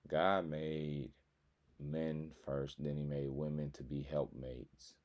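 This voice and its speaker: Very deep-voiced man in his thirties. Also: little pitch movement, takes it slowly, darkish tone. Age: 30s. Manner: blunt, profane, opinionated. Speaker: commentator reacting to clips. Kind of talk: casual reaction commentary.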